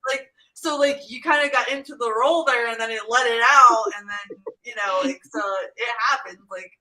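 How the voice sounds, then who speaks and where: A woman co-hosts a casual live stream in a soft-spoken, quiet way, leaning on fillers as she chats. Her voice sits a little high for a woman and has a bright tone. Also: moderate pace, low-quality recording. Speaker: co-host.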